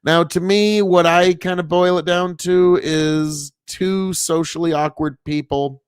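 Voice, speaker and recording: Streaming from an old family mill, a farmer from Nebraska rambles casually, swearing and using many fillers. His voice sits a little high and is steady, a little slow, clear and resonant, with clean studio sound and no room ambience.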